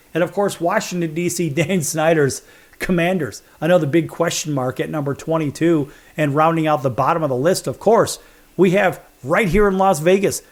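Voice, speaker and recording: A man from Chicago hosting a sports talk show, counting down rankings with sarcastic, wisecracking emphasis. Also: fairly high pitch. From Chicago, USA. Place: studio.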